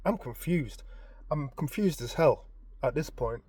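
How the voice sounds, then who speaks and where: Man vlogger, lively storyteller, very expressive pitch, dry sound. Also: a little slow, husky, dry recording. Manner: animated, expressive retelling. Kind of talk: casual storytelling.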